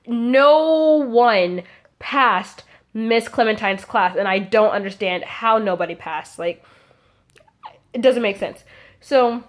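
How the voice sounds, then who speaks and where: A young adult woman telling a casual storytime to her vlog audience, chatty and full of "like" fillers. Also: mid-range voice. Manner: chatty, frequent "like" fillers, acts out quotes. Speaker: vlogger.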